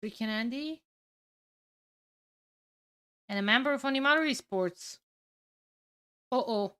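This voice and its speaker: A young woman with a Romanian accent casting a live strategy game match and chatting with her viewers, excitable and casual, with sudden loud exclamations and the odd curse. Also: a little high, measured pace, clean tone, no echo, clean studio sound. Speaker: streamer casting games. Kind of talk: live game commentary and chat reading.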